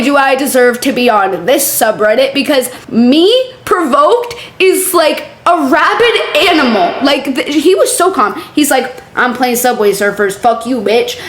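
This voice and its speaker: A woman's voice: sits high, a bit bright. A young woman hosting a reaction video, talking in a sarcastic, profane, exasperated way. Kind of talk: casual reaction commentary. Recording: roomy echo with faint background hum.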